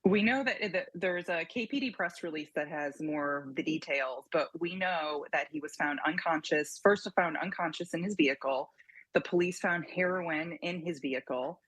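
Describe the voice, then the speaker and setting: A woman's voice: deep voice, normal speed, fairly bright tone, slightly rough, no echo, rough recording. A woman speaking as a panelist on a local TV news discussion, earnest and talking with restarts. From Tennessee. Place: TV studio.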